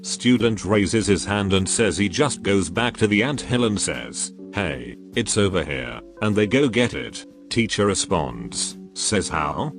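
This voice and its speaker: Low-voiced man reading stories deadpan. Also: a little slow, few pauses. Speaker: narrator reading online stories. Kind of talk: scripted narration. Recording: faint music bed.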